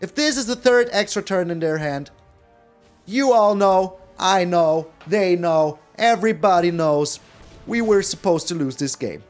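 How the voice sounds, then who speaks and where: A card game streamer delivers live gameplay commentary in a high, unhurried voice, with faint music playing behind him. He's animated, repeats his phrases, and swears mildly a lot.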